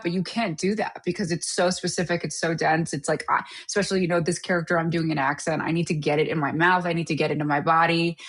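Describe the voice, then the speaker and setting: A woman with a notably low voice talks in a relaxed interview as the guest. She is an actor from Canada and speaks animatedly, laughing often and restarting sentences as her thoughts tumble out. Her delivery is casual and conversational. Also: quick pace, few pauses.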